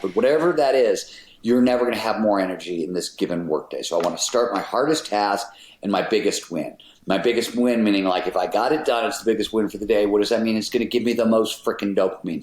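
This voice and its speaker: A middle-aged man, a podcast guest, explaining his ideas in an emphatic, casual way, with an occasional swear word. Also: on the low side. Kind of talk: casual interview talk. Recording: roomy echoey sound.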